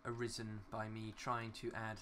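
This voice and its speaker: In a fairly low, monotone voice at normal speed, a young man gives rambling, casual commentary while building in a city game. A gaming YouTuber, he talks to himself and swears mildly at glitches, with a little hiss or hum on the recording.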